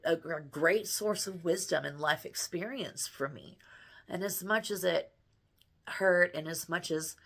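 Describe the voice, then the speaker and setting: A woman's voice: fairly low pitch, vocal fry, a bit bright. A middle-aged woman vlogging from home, telling a personal story in an earnest, rambling way with many restarts. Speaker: spiritual vlogger and healer.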